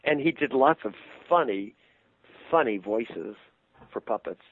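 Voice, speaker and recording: Older man, puppeteer, animated storyteller, tinny phone-like sound, dry close. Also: mid-range voice, a little slow, slightly rough, dry recording. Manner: animated anecdotes, laughing easily. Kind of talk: interview storytelling.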